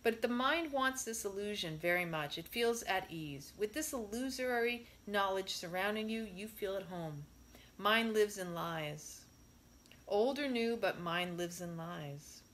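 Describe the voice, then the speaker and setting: A woman reading a spiritual discourse aloud in a measured way, stressing her rhetorical questions. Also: medium pitch, animated, a bit bright.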